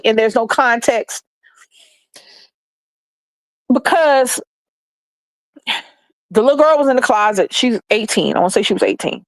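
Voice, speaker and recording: Woman, high voice, blunt profane rant, dry close sound. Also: dry recording. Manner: blunt, profane, heated, repeats for emphasis. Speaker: streamer sharing opinions. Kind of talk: passionate ranting monologue.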